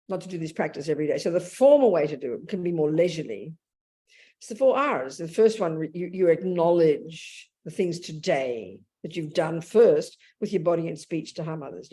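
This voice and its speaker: A woman's voice: on the low side, dark tone. A woman in her seventies, a Buddhist nun teaching a dharma talk in a blunt, plain-spoken way, often restarting her sentences and acting out inner thoughts. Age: 70s. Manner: acts out inner speech vividly.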